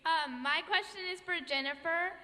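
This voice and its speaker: A woman's voice: very high-pitched, normal speed, pushed and bright. A woman in the audience asking a polite question at a panel, a little nervous. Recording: echoey convention hall.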